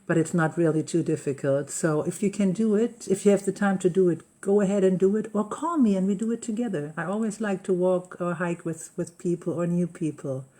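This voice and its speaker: With a dark-toned, medium-pitched voice, this host talks fairly quickly with hardly any pauses. Hosting a live coffee-and-talk session from a rural estate in Mallorca, the host chats through everyday personal stories, rambling and often reaching for the right English words.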